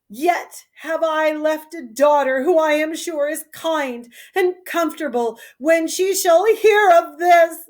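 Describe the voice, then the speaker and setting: A woman's voice: high-pitched, voice pushed up. A woman reading aloud as an old king, a furious and grieving father, declaiming his curses. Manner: declamatory, cursing, tearful. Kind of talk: solo reading of a play.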